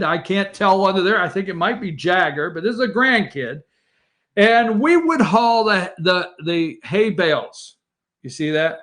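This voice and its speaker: A man's voice: high voice, fairly bright tone. A man hosting a morning show, telling rambling family stories over old photos and chatting straight to his viewers.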